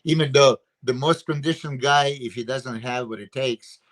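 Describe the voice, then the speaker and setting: A man with a mid-range, slightly bright voice speaks at a moderate pace. He's a bodybuilding coach and guest analyst whose first language is Serbian, offering his views emphatically and with plenty of fillers during a casual podcast chat over a video call.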